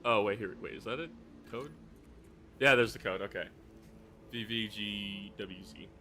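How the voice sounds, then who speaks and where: Male streamer, lowish voice; casual, meandering, profane live chat. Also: unhurried, pushed and bright, a little hiss or hum. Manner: rambling, swears often, restarts sentences.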